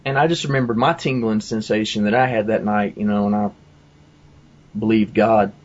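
A man's voice: fairly low pitch, fairly even intonation, moderate pace, lo-fi sound. A man telling a personal testimony in a casual, rambling way, full of asides and fillers. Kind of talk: casual storytelling.

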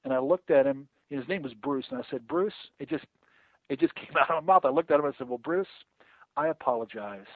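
A man's voice: fairly high pitch, fast talker, dry recording. A middle-aged man talking earnestly about evangelism, repeating words often and acting out conversations he has had. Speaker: evangelist guest. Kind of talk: casual interview talk about evangelism. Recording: tinny phone-line sound, dry.

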